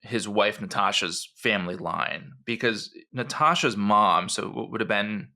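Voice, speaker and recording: Speaking a little slowly in a lowish, sharp voice, this male podcast co-host rambles through a history tale. His telling is loose and chatty, packed with asides, frequent "you know"s, and restarts.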